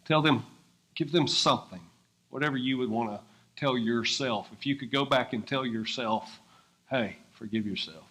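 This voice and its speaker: Excitable pastor, bright voice. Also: male voice, mid-range voice, moderate pace. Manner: excitable, laughing, swinging between loud and hushed. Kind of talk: sermon-style interview on stage. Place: church service.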